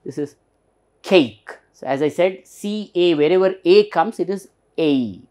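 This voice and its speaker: A man's voice: high-pitched, normal speed, mellow. A man teaching a pronunciation lesson, patiently spelling out and repeating words. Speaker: English teacher.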